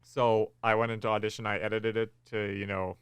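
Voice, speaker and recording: A man co-hosting a podcast in casual chat, relaxed and rambling with frequent ums. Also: lowish voice, a little fast, clean tone, dry recording. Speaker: podcast co-host.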